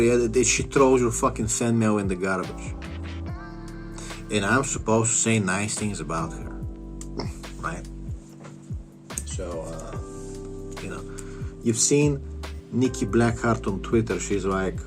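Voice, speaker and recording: A man ranting in a commentary vlog in a slow, drawn-out way with a lowish voice. He swears and circles back over his words. Faint music sits behind him. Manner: crude, profane, repetitive ranting. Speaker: wrestling vlogger.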